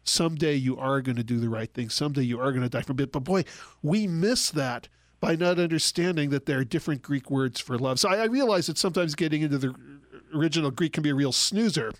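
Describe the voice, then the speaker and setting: A man explaining Bible passages in a relaxed radio talk, acting out the quoted dialogue as he goes. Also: fairly high pitch, fast talker, dry recording, studio quality. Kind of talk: conversational Bible teaching.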